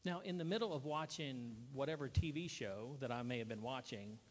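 A man earnestly sharing a personal testimony at a gathering, speaking into a handheld mic with halting restarts. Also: medium pitch, in a large hall.

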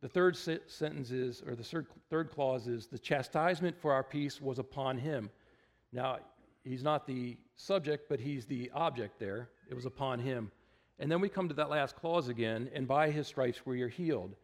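A man's voice: medium pitch, normal speed. Chatty, easygoing male pastor. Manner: relaxed and chatty, with wry asides and many fillers. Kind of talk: conversational sermon. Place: church.

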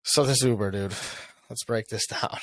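A young man co-hosting a podcast, telling a story in casual chat. He swears a lot and acts out what he said with a rising, animated voice. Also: fairly low pitch, normal speed. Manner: animated, swears often, acts out his own lines with a rising voice. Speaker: podcast co-host.

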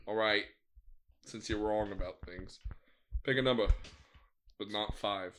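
A man's voice: lowish voice, a little slow, fairly bright tone, slight background noise. A man co-hosting a casual podcast, swearing a lot and arguing his point. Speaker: podcast co-host. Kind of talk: casual chat.

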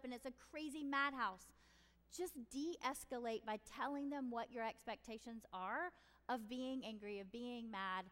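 A woman's voice: a little high, a bit bright, in a large hall. Chatty woman giving parenting advice. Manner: chatty, direct, acts out parent and child lines. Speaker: parenting podcast host. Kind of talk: casual advice talk.

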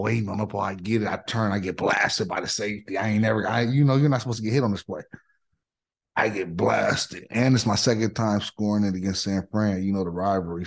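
Husky, gravelly-voiced man telling stories. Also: fairly low pitch. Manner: animated, excitable storytelling with slang. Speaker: podcast guest, former NFL offensive tackle. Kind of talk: casual storytelling.

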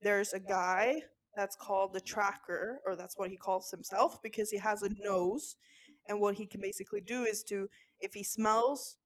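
A young woman co-hosting a podcast in casual chat, talking hesitantly with many pauses. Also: medium pitch, fairly even intonation. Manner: hesitant, many fillers and restarts. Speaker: podcast co-host.

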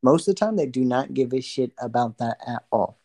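A young man chatting casually on a podcast. He is frank and rambling, and he laughs easily. He speaks at an average pitch. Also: expressive, brisk, vocal fry, warm tone. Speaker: podcast co-host. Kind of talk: casual chat.

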